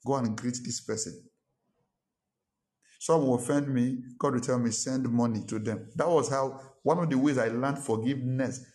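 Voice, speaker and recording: A pastor preaching a sermon, telling a personal story and driving points home by repeating short phrases. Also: male voice, medium pitch, moderate pace, a little mellow.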